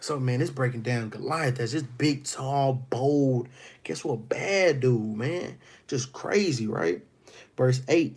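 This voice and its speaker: A man's voice: medium pitch, slow, darkish tone, breathy edge. A man teaching a Bible class. He reads verses aloud, then retells them in casual street slang.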